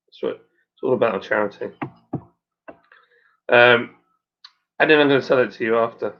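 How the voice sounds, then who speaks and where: A man with a broad Suffolk accent chats away on a home live stream, matey and rambling, with lots of ums and uhs. His voice sits in an ordinary middle pitch. The recording is dull and lo-fi. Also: fairly even intonation, normal speed, long pauses. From Suffolk, England. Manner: rambling and matey, with many fillers. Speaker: stream host and brewer. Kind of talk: casual live-stream chat reading viewer comments. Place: at home by the fire. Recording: dull lo-fi sound.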